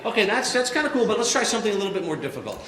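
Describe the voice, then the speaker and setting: Animated man doing stand-up ventriloquism. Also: high voice, rapid-fire, background noise. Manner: animated, playful, jokey. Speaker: ventriloquist comedian. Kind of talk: stand-up comedy with audience volunteer. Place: theater stage with audience. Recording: roomy live venue with crowd.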